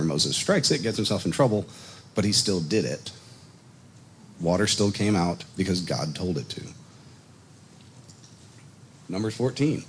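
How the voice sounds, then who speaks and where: Brief: man teaching a congregation, low voice, animated storyteller, light background hiss. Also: measured pace, pauses often. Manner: animated storytelling, acts out quotes, chuckles. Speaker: Bible study teacher. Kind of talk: casual teaching. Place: congregation meeting room. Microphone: microphone on a PA system.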